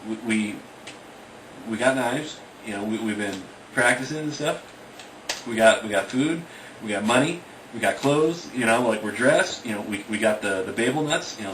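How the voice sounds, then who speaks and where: A man's voice: mid-range voice, fairly bright tone, lightly acted. A man voicing an eager young male adventurer, talking his friends into a trip in a casual, pushy, reassuring way. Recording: distant, echoey and noisy.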